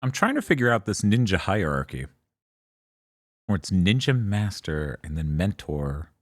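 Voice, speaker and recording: Low voiced guy cohosting a game podcast, bouncy and jokey, dry mic. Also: measured pace, no room sound. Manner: animated, joking, swearing. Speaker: podcast co-host. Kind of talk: casual chat.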